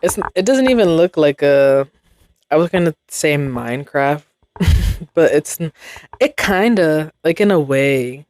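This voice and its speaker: Slow, rambling young woman podcaster. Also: sits low, lively intonation, a little mellow. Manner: rambling, laughs often, slangy. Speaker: podcast host. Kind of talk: casual chat.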